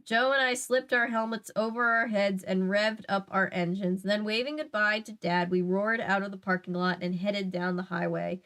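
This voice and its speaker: A woman reading a book aloud in a relaxed way, dropping wry chatty asides. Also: mid-range voice, moderate pace, hardly any pauses. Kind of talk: read-aloud with casual asides.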